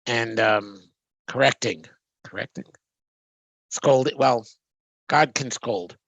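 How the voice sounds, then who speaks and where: A man's voice: medium pitch, takes it slowly, a bit bright, no echo. A man teaching a text study, reading Hebrew phrases and translating them with frequent ums and restarts. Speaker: Torah teacher.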